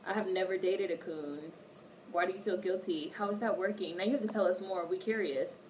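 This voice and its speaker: A woman's voice: fairly low pitch, fairly even intonation, brisk, a little mellow. Woman livestreaming from a distant mic. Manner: reads viewer comments aloud and answers them, cursing freely. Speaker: livestream host. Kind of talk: casual livestream chat. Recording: distant mic with faint background noise.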